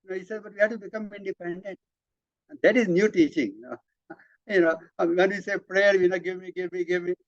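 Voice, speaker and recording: A man leading a spiritual study session, explaining emphatically with repeated words and halting restarts. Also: sits high, dry recording. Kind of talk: explanatory talk, reading out and commenting. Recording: dull lo-fi, dry sound.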